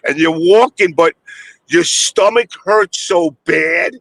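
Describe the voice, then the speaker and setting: Man, streamer, casual chat, gravelly, bright, crude animated storytelling. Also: high-pitched, takes it slowly, no room sound, rough recording.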